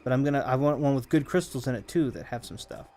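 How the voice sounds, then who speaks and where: A man's voice: mid-range voice, fast, mellow, faint music behind. A man casually chatting to viewers while he plays a video game, rambling and humming between remarks. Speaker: streamer playing a video game. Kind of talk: casual live-stream commentary.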